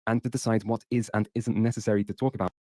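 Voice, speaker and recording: A man with a lowish voice on a podcast panel, delivering dry, sarcastic mockery. The sound is close and dry. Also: steady tone, fast talker, mellow, no room sound.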